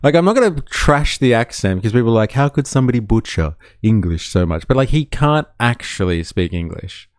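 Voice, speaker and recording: A man's voice: on the low side, animated, moderate pace, hardly any pauses, clean tone, no echo, clean studio sound. A man hosting a live stream and reacting to clips, sarcastic and laughing as he talks to his chat. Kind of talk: casual reaction commentary.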